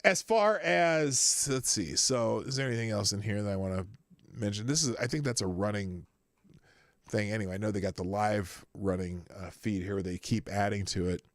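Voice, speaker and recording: A man's voice: fairly low pitch, normal speed, no echo, clean studio sound. A man hosting a live show, chatting casually and rambling with many fillers and restarts as he responds to viewers' super chats. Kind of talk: casual live-stream commentary.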